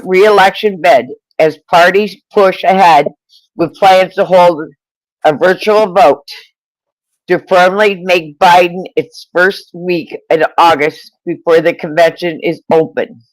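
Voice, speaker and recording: A man reading out and discussing the news on a live panel, slow and careful, repeating key words. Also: high voice, no room sound, low-quality recording.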